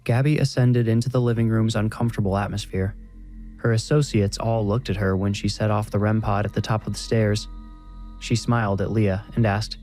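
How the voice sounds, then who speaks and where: A man narrating a horror story in a measured, even storytelling manner. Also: on the low side, soft background music.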